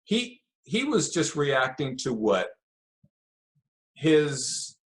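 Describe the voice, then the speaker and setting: A man's voice: fairly high pitch, big pitch swings, drawn-out words. An older man, a podcast guest, telling long anecdotes in a casual interview and acting out what others said. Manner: rambling anecdotes with acted quotes.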